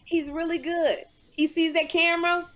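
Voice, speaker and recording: A woman co-hosting a casual talk show, telling stories in an animated way and mimicking other people's voices. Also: extremely high pitch, moderate pace. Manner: animated storyteller, mimics voices in her anecdotes. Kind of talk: casual chat.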